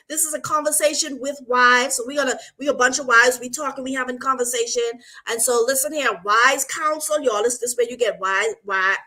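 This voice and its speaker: A woman hosting a talk show for wives as a marriage coach, talking to her listeners in a lively, casual way and often asking "right?". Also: high voice. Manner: animated, repeats "right?" and "y'all" often.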